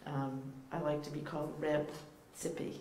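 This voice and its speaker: Low-voiced woman with a Boston accent. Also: level tone, normal speed. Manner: playful, teacherly, with frequent ums and uhs. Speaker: guest rabbi speaker. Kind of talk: informal sermon to a congregation. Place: church sanctuary. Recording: echoey room, faint background noise.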